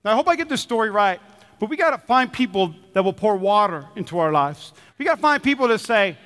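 High-voiced pastor preaching in a hall. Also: male voice, fairly quick. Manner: animated preaching, acts out quoted voices. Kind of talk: sermon. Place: church auditorium. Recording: long reverb of a large hall.

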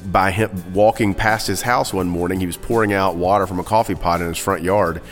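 A man who is a pastor, chatting on a podcast in a relaxed, thoughtful way with hesitant starts. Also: low-pitched, brisk, in a large hall, faint music behind. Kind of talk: casual podcast chat.

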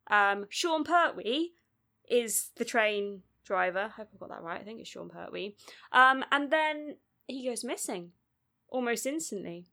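A woman's voice: fairly high pitch, expressive, measured pace, bright, forceful tone. A young woman chatting casually about films as a podcast co-host, wry and freely swearing. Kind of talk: casual film chat.

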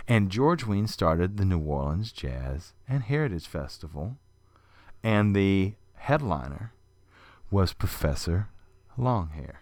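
A man hosting a casual podcast, telling a story in an animated, profane way. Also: sits low, takes it slowly, no echo. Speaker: podcast host. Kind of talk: casual chat.

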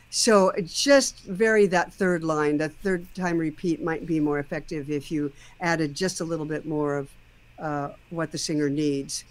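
Song-critique host: casual, thoughtful, explains at length, medium pitch, sings lyric snippets to make a point. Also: fairly even intonation, a little slow.

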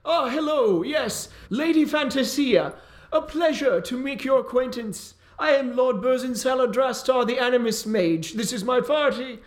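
A man voicing a haughty, vain male noble mage who is quick to rage, in a pompous, theatrical way. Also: extremely high pitch, voice pushed up.

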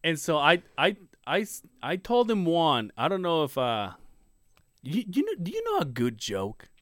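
Animated, profane podcast co-host man. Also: on the high side, moderate pace, dry recording, studio quality. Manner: rambling, profane joke-telling with lots of restarts. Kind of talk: casual podcast banter.

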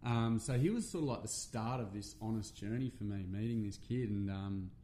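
A man's voice: fairly low pitch, moderate pace, dark tone, slight background noise. A middle-aged Australian man, a men's workshop facilitator, telling a personal story in casual, earnest talk with plenty of fillers and swearing.

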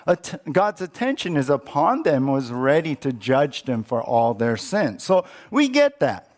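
A man preaching a sermon as pastor, animated, acting out quoted lines with many restarts. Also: a little high.

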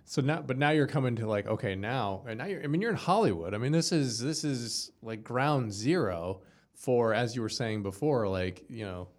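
A man's voice: medium pitch, lively intonation, normal speed. A man hosting an interview, offering brief listening responses and asking follow-up questions. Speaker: interview host.

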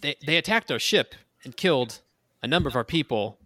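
A man doing a wary ship captain who talks in short, guarded lines in a tabletop game. The voice has a sharp, forceful edge. It is dry and close, with no room sound. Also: medium pitch, lively intonation, fairly quick, dry recording.

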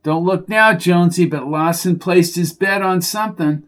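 A man voicing a sarcastic, excitable sidekick at the horse races, full of jokes. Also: high voice, normal speed, pitched above the performer's own voice. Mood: wisecracking. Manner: sarcastic and jokey. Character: wisecracking excitable man, a race-betting sidekick.

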